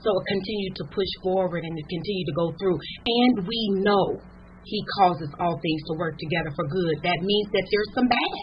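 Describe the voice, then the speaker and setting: A woman guest offers faith encouragement in a fervent, exhorting manner that swells into preaching. Her voice sits low. The audio is muffled lo-fi, with a faint hiss. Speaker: ministry founder, guest. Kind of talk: faith encouragement in a podcast interview.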